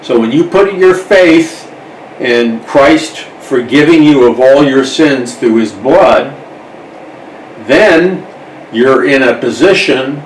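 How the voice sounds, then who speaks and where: A man's voice: mid-range voice, echoey room, distant mic, a little hiss or hum, poor audio. A man, a minister hosting a radio talk show, preaching earnestly and repeating key phrases for emphasis.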